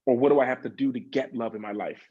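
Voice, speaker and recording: A man's voice: medium pitch, quick pace, slightly rough, narrow, tinny audio. A man leading a group coaching session over a video call, talking in a loose, chatty way with many fillers and acting out the questions people ask themselves. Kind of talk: casual motivational coaching talk.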